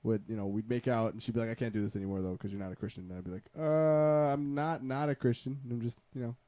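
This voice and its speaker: A man's voice: mid-range voice, fast, mellow, dry recording. A man in casual chat, rambling through a personal story with many restarts. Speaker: podcast co-host.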